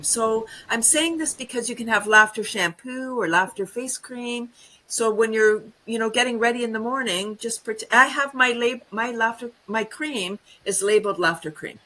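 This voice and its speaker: A woman's voice: on the high side, moderate pace, pushed and bright, low-quality recording. A woman guest leading a playful laughter exercise, giggly and bursting into laughter.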